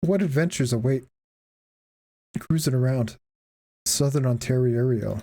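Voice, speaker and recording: Woman, low-pitched, animated, profane, jokey live-stream commentary. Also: measured pace, pauses often. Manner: joking, profane, laughs often.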